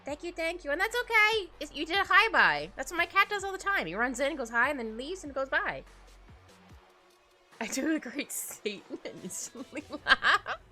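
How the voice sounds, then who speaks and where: A woman's voice: sits high, big pitch swings, moderate pace, pushed and bright. A young woman streaming as she draws, chatting casually, giggling often and rambling. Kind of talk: casual chat while drawing on stream. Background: faint background music.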